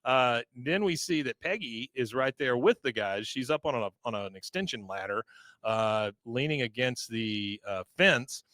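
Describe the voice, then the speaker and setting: A man's voice: mid-range voice, expressive, measured pace, sharp tone, no echo. A man co-hosting a podcast, casually recapping an episode and acting out the characters' lines in put-on voices. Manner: retells scenes, quoting lines in put-on voices. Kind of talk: casual chat.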